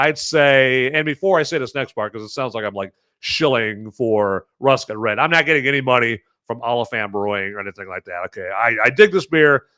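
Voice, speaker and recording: A man hosting a podcast, talking casually to the camera in a rambling way, full of fillers and self-corrections, swinging between loud emphasis and muttered asides. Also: mid-range voice, no echo, studio quality. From American Midwest. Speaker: podcast host reviewing movies and beer. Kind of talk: casual solo commentary.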